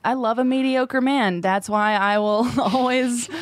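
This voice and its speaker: A woman co-hosting a podcast in casual chat, jokey and rambling with quick asides. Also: fairly high pitch. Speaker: podcast co-host.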